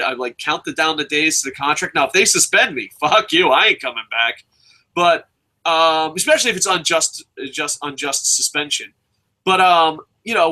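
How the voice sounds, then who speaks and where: Casting: brash man, bright tense voice, profane heated rant, fairly high pitch. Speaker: wrestling news show co-host. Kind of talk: profane ranting chat.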